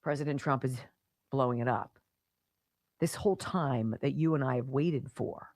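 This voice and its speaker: A woman's voice: rumbling low, normal speed, a little mellow, dry recording, studio quality. A woman hosting a talk radio show, delivering an opinionated monologue with sarcastic, mocking asides. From Pittsburgh area.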